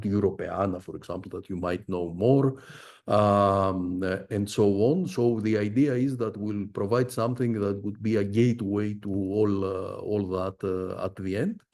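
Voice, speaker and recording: Middle-aged male professor presenting research, dark mellow voice, halting delivery full of "uh"s. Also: lowish voice. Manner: halting, frequent "uh" fillers. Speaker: visiting professor giving a research talk. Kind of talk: academic presentation.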